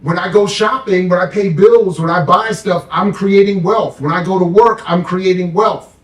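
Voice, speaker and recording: A fired-up, sarcastic man talking politics with a fairly high voice. He sits off the mic, so his voice rings in a roomy space. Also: steady tone, normal speed, distant mic. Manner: fired-up, sarcastic, mocks the powerful in put-on voices. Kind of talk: impassioned political talk.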